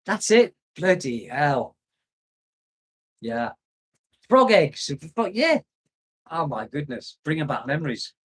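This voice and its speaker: A man's voice: fairly high pitch, very animated, takes it slowly, pauses often, breathy edge. An older British man living abroad, chatting casually on a livestream, rambling nostalgically and laughing often. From United Kingdom. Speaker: expat vlogger reading live chat. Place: home in the Philippines.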